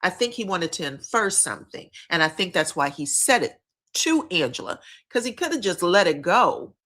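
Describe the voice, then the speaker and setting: A woman's voice: lowish voice, big pitch swings, moderate pace, sharp tone. A woman hosting a casual live-stream recap of a reality show, talking to her chat in a candid, slangy way and repeating herself for emphasis. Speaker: reality TV commentary host.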